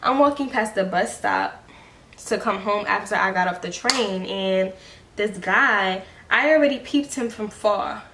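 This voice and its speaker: A woman's voice: mid-range voice, unhurried. Heated young woman vlogger, echoey room. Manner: heated, blunt, profane storytelling. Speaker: beauty vlogger. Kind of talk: get-ready-with-me storytime chat. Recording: echoey room, faint background hiss.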